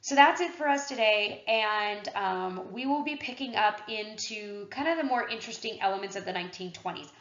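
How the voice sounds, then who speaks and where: A woman's voice: medium pitch, moderate pace, few pauses, a bit bright. Woman history teacher, casual classroom lecture delivery with fillers, roomy echo, slightly dull sound.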